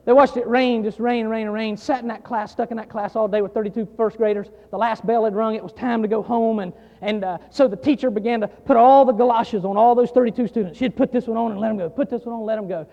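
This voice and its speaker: High-voiced preacher man in an echoing hall. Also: fairly even intonation, quick pace, hardly any pauses. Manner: emphatic preaching, repeating phrases, swelling louder on key lines. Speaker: pastor. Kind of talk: sermon. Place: church sanctuary. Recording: dull sound in a long reverberant hall.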